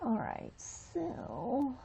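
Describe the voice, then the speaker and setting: This woman's high-pitched voice swings hugely in pitch, moving very slowly with a creaky, dark tone and a little hiss or hum. She hosts a casual coloring livestream with viewers, chatting and gushing with frequent exclamations. The sound is dull and lo-fi.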